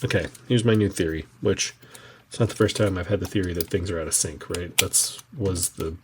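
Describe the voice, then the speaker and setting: A streamer tinkering with a VCR mutters and rambles to himself, casually thinking aloud in a low voice at a slightly fast pace. His webcam microphone picks up a lot of noise.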